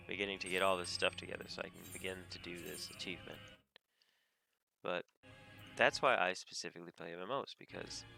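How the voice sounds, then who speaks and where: A man giving a casual, rambling rant about video games on a desk mic, animated and often laughing. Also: low voice, creaky. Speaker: gamer vlogger. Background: faint game music.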